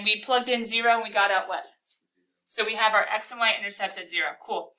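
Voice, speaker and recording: A woman teaching a calculus class, talking through a problem and firing quick questions at her students. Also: mid-range voice, pushed and bright, recorded from a distance, low-quality recording. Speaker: math teacher.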